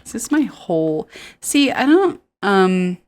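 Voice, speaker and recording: A woman's voice: mid-range voice, sing-song, slow pace, a little mellow. A woman streamer chatting casually while playing a farming game, giggling and thinking aloud. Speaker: gaming streamer. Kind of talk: casual let's play commentary.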